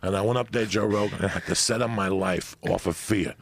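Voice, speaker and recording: A man telling a profane, animated story in a podcast chat. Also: sits low, brisk, vocal fry. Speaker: comedian guest.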